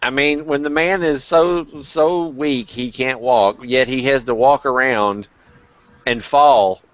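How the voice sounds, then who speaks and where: A man's voice: mid-range voice, slow pace, lo-fi sound. A man hosting a casual group chat, telling candid, profane stories full of restarts. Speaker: vlog host.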